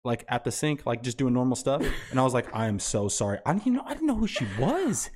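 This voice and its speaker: A man in casual podcast banter, quick and lively. He tells stories with mock outrage and dry sarcasm, and his pitch jumps all over the place. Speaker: podcast co-host.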